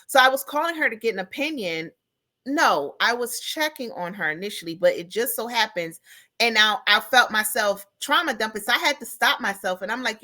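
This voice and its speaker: Bright-voiced woman, animated podcast chat. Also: on the high side, moderate pace. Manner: animated storytelling, acts out callers. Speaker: podcast co-host. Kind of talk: casual chat.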